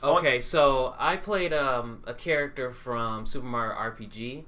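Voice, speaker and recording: A man co-hosting a casual podcast, telling an animated story with frequent giggles. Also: medium pitch, measured pace. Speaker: podcast co-host.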